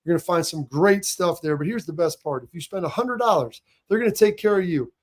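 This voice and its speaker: Upbeat sports talk show host. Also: male voice, expressive, a little fast. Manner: upbeat, chatty sponsor pitches. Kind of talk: casual sports talk and ad reads.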